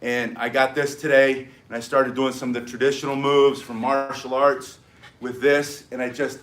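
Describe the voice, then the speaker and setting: An older American man with an excitable, energetic manner, teaching self-defense in a live-streamed martial arts lesson and barking short emphatic commands. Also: medium pitch, moderate pace. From United States. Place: home in South Florida.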